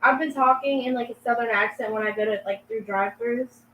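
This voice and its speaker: A woman's voice: fairly high pitch, brisk, bright, forceful tone, slight background noise. A woman chatting on a family cooking livestream, shy and giggly and reluctant when pushed to talk. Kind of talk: casual livestream chat. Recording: echoey room, distant from the mic.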